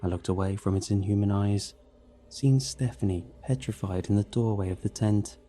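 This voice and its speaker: A man narrating a horror story in a steady, dramatic scripted reading. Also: fairly low pitch, moderate pace.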